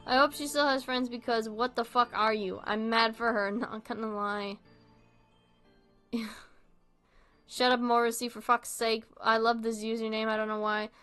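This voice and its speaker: A young woman hosting a casual video, reading online posts and commenting in an animated way, swearing freely and laughing often. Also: fairly high pitch, moderate pace, smooth, soft background music.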